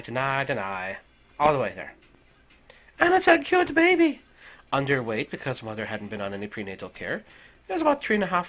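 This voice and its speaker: A man's voice: sits high, lo-fi sound. A man with an Irish accent, a paramedic telling a work story as a profane, swearing rant. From Ireland. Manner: animated, swearing heavily.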